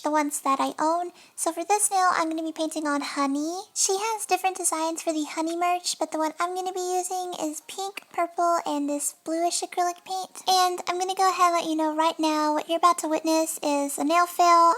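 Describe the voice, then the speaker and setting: Very high-pitched young woman chatting. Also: a bit bright. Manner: chatty and apologetic, many fillers. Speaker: nail art vlogger. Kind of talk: casual voice-over narration. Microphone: desk mic.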